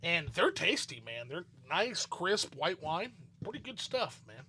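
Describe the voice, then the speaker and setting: Bright high-voiced man with Southern-Midwestern twang. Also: big pitch swings, unhurried. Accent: Southern US mixed with Midwestern. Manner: loose, swears a lot. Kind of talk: casual online chat. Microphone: online call mic.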